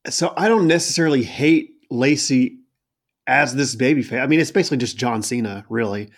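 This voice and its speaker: A man's voice: mid-range voice, a little fast. Exasperated man recapping casually. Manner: exasperated, rambling with fillers and mocking asides. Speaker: podcast co-host. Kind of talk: casual chat recapping a wrestling show.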